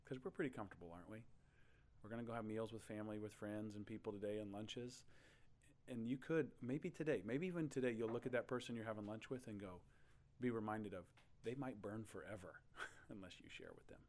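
A male pastor from Oklahoma, animated as he tells a story in his sermon and laughing now and then. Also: on the low side, a little fast.

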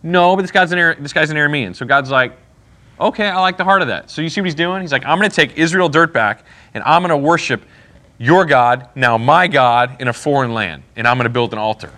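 A man's voice: a little high, fairly quick, sharp tone. A man teaching a casual Bible class, asking the group questions and retelling scripture in slang.

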